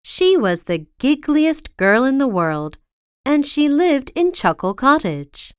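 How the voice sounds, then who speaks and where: A woman reading a children's storybook aloud in a slow, expressive way, with big swings for effect, on a close mic. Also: high voice, dry recording.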